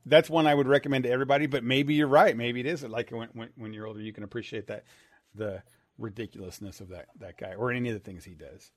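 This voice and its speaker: Talking fast in a mid-range voice with fairly even intonation, this podcast co-host keeps the chat casual. His words frequently trip and restart as he circles back to finish ideas, recorded dry and close to the mic with no room sound.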